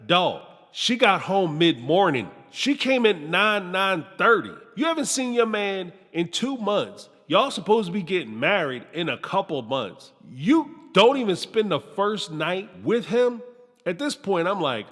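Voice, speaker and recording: A man hosting a reality TV review, talking in an animated, sarcastic, slangy commentary style. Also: sits high, a little slow, big-room sound. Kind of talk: commentary monologue.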